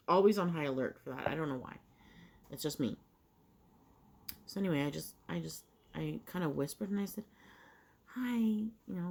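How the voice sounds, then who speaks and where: A middle-aged woman, chatting casually over breakfast, rambling through a story with many fillers and restarts while she eats. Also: deep voice. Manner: talks while eating. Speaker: vlogger.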